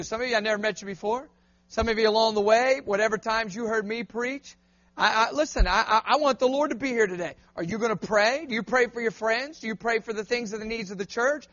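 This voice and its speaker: A man preaching a lively sermon in a church, calling on the crowd to answer him back. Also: extremely high pitch, dull audio. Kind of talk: lively call-and-response sermon.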